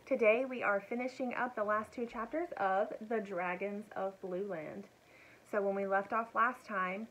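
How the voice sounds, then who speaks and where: A woman reading a children's storybook aloud in a gentle, friendly narrating voice. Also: mid-range voice, a little hiss or hum, low-quality recording. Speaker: children's book reader.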